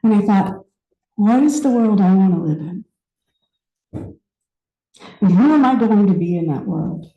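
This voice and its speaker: A woman in her fifties giving a personal story sermon, conversational and reflective, with pauses and restarts. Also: medium pitch, expressive, reverberant, phone-quality sound. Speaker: speaker at a spiritual center.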